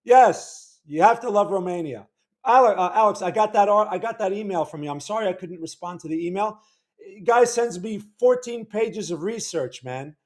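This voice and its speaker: A man's voice: high voice, lively intonation, moderate pace. A man hosting a livestream, chatting casually with viewers in a worn, weak voice, rambling and stammering over his words. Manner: rambling, stammering, repeats words, greets chat viewers loudly. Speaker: livestream host.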